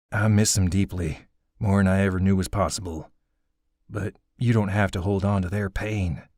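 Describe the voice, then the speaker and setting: A man voicing a bearded craftsman and grieving father who speaks gently in a rustic dialect. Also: lowish voice, no room sound, studio quality.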